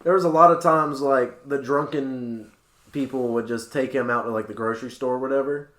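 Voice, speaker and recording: A man's voice: medium pitch, fairly even intonation, brisk, fairly bright tone, reverberant. A young man co-hosting a casual podcast, telling a story and swearing a lot. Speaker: podcast co-host. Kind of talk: casual chat.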